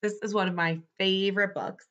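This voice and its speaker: A woman's voice: medium pitch, steady tone, brisk, a bit bright, muffled recording. A woman teacher reading a picture book aloud to children, talking to them directly in a friendly way.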